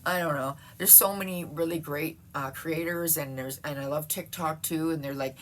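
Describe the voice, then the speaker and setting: A woman's voice: deep voice, unhurried, a little hiss or hum. A middle-aged woman ranting in a casual vlog from home, exasperated and profane, often breaking into laughs. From Canada. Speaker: vlogger. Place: at home, seated.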